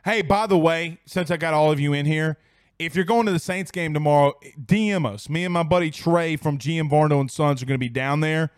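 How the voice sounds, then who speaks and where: Man hosting a sports stream, tipsy, rowdy and profane, high voice, dry close sound. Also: fairly quick, clear, resonant tone, dry recording. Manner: rowdy, profane, laughs a lot. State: tipsy from whiskey. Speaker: sports show host. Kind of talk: casual livestream chat reading viewer comments.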